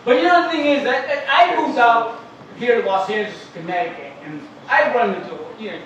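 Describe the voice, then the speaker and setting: A man's voice: very high voice, fairly quick, dull audio, slight background noise. A man doing a crude, rambling stand-up comedy set at an open mic. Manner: crude, rambling, loud joke delivery. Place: club or open mic in Los Angeles. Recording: echoey room, mic far off, faint ambience.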